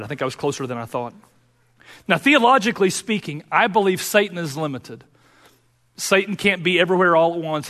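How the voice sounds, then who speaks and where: Earnest pastor preaching in a reverberant hall. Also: male voice, fairly high pitch. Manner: earnest, shifting from fervent to quiet and personal. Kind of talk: sermon. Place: church sanctuary.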